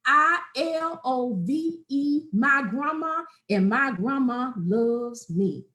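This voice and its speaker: Slow, expressive woman reading a storybook. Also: high voice, reverberant. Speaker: reader and host. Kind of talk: reading a children's book aloud, then casual chat.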